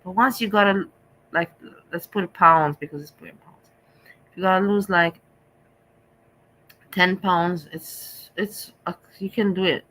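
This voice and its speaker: Middle-aged female host, confessional and repetitive, bright edge to the voice. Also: on the low side, measured pace, pauses often, poor audio. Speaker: vlog host. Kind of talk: candid casual chat.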